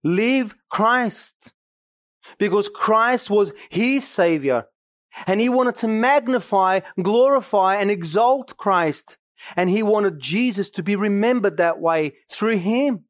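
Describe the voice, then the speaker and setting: Slow, dry-voiced preaching pastor. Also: mid-range voice, dry recording. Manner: emphatic preaching with asides to the congregation. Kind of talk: sermon.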